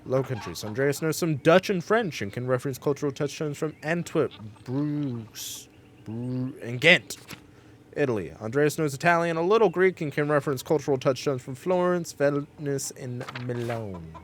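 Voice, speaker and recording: A man's voice: mid-range voice, expressive, normal speed, a little hiss or hum. A man streaming a video game, reading its text aloud and joking about his own accents. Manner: playful, self-mocking. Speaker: gaming streamer. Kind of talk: let's play commentary.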